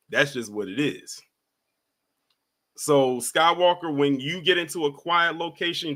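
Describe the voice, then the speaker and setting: A man's voice: fairly high pitch, pushed and bright. A man hosting a casual live stream, calling up callers one by one and chatting in a laid-back way. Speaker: livestream host.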